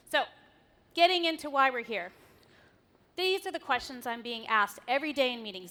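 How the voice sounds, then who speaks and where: A woman's voice: high voice, sharp tone. A woman giving a candid, wry conference talk on stage, swearing casually as she goes through her slides. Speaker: conference speaker.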